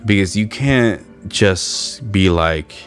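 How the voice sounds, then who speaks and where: Deep-voiced man chatting casually. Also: animated, slow, soft background music. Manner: rambling, conversational, with fillers and restarts. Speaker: podcast host. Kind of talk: casual podcast chat.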